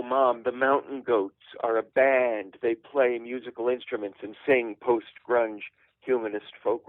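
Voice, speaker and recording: A middle-aged man tells a comic story in a dry, deadpan way, with careful pauses before his punchlines. His voice comes through a thin, phone-like line with no room sound at all. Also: lowish voice, no room sound. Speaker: guest storyteller.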